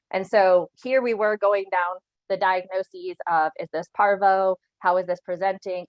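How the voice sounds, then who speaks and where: A woman's voice: mid-range voice, no echo, low-quality recording. A woman leading an online training session, explaining things earnestly, often checking in with "right?" and laughing lightly now and then. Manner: earnest and instructive, with occasional laughs and frequent "right?" check-ins. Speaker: animal control officer giving a training.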